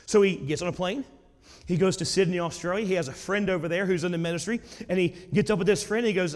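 A man's voice: high-pitched, quick pace. A male preacher delivering a sermon, telling a story in a conversational way that builds to emphatic exclamations. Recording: long hall reverb.

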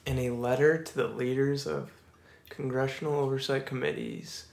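A young man co-hosting a casual podcast, laid-back and quick to laugh, reading notes a bit haltingly. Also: mid-range voice, steady tone, gravelly, darkish tone, reverberant, slight background noise. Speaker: podcast co-host. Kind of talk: casual chat.

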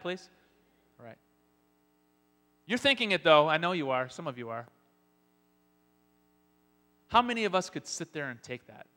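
A man preaching a sermon as pastor, telling Bible scenes with lively acted-out lines. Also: mid-range voice. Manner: animated storytelling, acting out Bible scenes. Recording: long hall reverb.

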